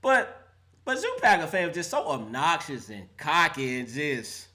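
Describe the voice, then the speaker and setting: A man's voice: fairly high pitch, huge pitch swings, measured pace, pushed and bright. A young adult man hosting a live call-in sports show, roasting players and fans in a laughing mock-preacher style.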